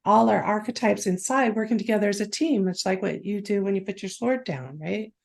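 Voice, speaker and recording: A woman's voice: mid-range voice, a little fast, vocal fry. A woman guest on a podcast, talking casually and rambling with many restarts. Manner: rambling, restarts and spiritual talk. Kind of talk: casual conversational interview.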